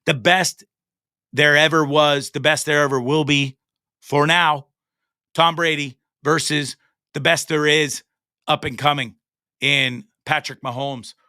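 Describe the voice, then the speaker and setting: A man's voice: fairly high pitch, steady tone, unhurried, sharp tone, no echo, studio quality. A Canadian man in his forties hosting a show, delivering an angry, profane, repetitive rant, stammering as he gets fired up. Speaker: host. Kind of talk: impassioned solo rant. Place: studio.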